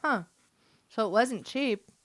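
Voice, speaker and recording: A woman's voice: a little high, slow, no room sound. A woman co-hosting a casual chat podcast, giggly and playful, given to silly voices. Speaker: podcast co-host.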